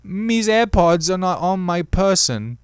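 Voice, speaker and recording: A man's voice: high-pitched, big pitch swings, unhurried, clean tone, no room sound, studio quality, voice pushed up. A man putting on a silly British accent, reading out device notifications like a dim, stiff Englishman. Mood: mock posh. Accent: put-on British.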